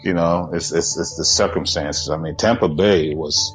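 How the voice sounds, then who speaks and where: A man's voice: extremely low pitch, moderate pace, faint music behind. A man co-hosting a podcast, chatting about sports in a blunt, opinionated way and cursing now and then. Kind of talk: casual sports chat.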